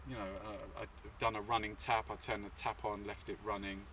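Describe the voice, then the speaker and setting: A man's voice: lowish voice, flat delivery, normal speed, pushed and bright, recorded from a distance, slight background noise. Rambling, swearing man from England. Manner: rambling, swearing, full of fillers. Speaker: artist and activist guest. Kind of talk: casual storytelling interview.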